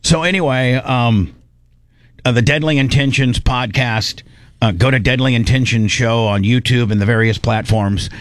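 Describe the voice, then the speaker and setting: A man's voice: mid-range voice, normal speed, dry recording. A man hosting a podcast in loose, rambling casual chat. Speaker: podcast host.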